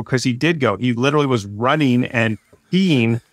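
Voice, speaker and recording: A man's voice: mid-range voice, normal speed, dry recording, clean studio sound. Rambling man in his forties telling a story. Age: 40s. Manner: rambling, lots of fillers and restarts, lively when retelling. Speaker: podcast guest. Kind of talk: casual storytelling.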